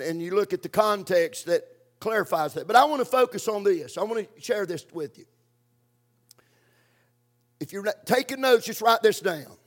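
Preacher, male, high voice, slow deliberate emphatic delivery. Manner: slow, emphatic, drawn-out repetition for stress. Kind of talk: sermon. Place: church.

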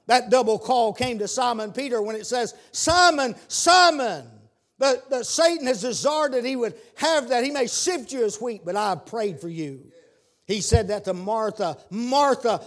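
A man preaching a sermon, repeating his words and building to shouted calls. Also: high-pitched.

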